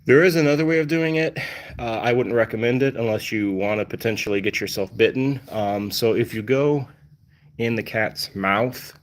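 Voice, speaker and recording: A man's voice: mid-range voice, moderate pace. A man hosting a casual livestream, explaining things in a rambling way full of fillers and restarts. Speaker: cat channel host.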